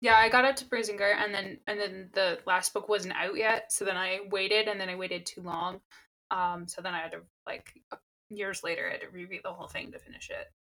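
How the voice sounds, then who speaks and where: A woman's voice: medium pitch, steady tone, fairly quick, bright, forceful tone, poor audio. A young adult woman co-hosting a podcast, chatting casually and agreeably about books. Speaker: podcast co-host. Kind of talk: casual book chat.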